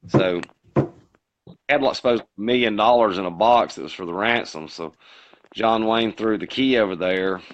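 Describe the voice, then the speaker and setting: A man with a Boston accent, co-hosting a podcast, telling movie scenes in a casual, animated way. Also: fairly low pitch, normal speed. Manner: animated storyteller acting out quotes. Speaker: podcast co-host. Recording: dull lo-fi sound.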